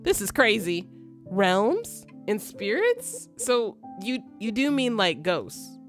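A woman's voice: medium pitch, big pitch swings, takes it slowly. Casting: woman reading as a puzzled, skeptical teen girl over faint game music. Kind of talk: reading game dialogue aloud.

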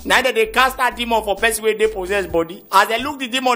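High-voiced nigerian comedian going off in pidgin, shouts his punchlines, music under it. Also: quick pace, hardly any pauses. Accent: Nigerian Pidgin English. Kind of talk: stand-up comedy routine.

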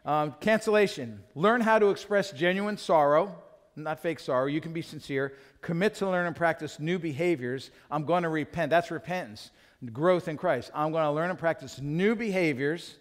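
A man preaching a sermon as pastor, animated and acting out little scenes as he teaches. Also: a little high, moderate pace. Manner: animated, acts out quotes in other voices. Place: church. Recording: long reverb of a church hall.

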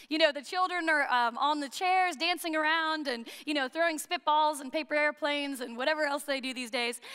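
An American woman delivers a sermon with a high, bright voice. She keeps it chatty and joking and poses questions to the congregation. Her voice rings out with long reverb through a church hall. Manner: conversational and humorous, with rhetorical questions. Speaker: priest.

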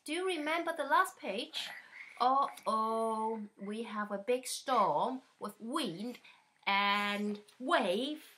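Slow, lively woman reading a storybook. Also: on the high side, slight background noise. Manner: slow, animated and playful, talking to a small child. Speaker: storybook reader. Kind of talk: reading a children's picture book aloud. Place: at home.

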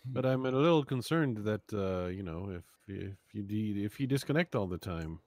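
A man teases a friend over voice chat in a flat, deadpan way. His voice sounds close and dry, with no room around it. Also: on the low side, moderate pace, no room sound. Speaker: gaming guest. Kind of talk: casual gameplay chat.

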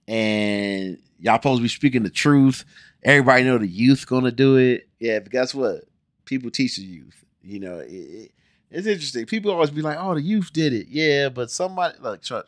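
A forty-year-old man from Ohio with an American accent, hosting a casual video where he reacts to a music video, jumping between loud exclamations and muttered asides. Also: medium pitch, animated, normal speed, dry recording, clean studio sound. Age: 40s.

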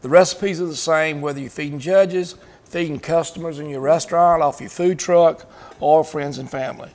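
A man's voice: on the high side, fairly even intonation, moderate pace, darkish tone. A man, a barbecue pitmaster guest talking in a plainspoken, easygoing way in a kitchen showroom. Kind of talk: casual chat.

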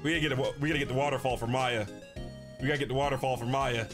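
A man's voice: mid-range voice, fairly even intonation, very fast. A young man doing casual let's play commentary, loose and slangy, laughing often. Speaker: streamer. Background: faint game music.

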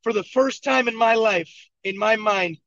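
A man from Buffalo, New York, with a high, gravelly voice coaches his team and drives his points home by repeating them. The sound is dry and dull, like lo-fi video call audio. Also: moderate pace, a bit bright, no room sound. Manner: emphatic, repetitive storytelling. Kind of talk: motivational coaching talk. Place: moving vehicle.

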